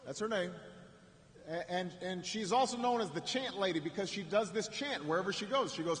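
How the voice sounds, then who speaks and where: A man giving a storytelling campaign speech at a rally in a large arena, with frequent repeated words and restarts and pauses for effect. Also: high voice, expressive, a bit bright. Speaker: political speaker at a rally. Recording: echoing arena with faint ambience.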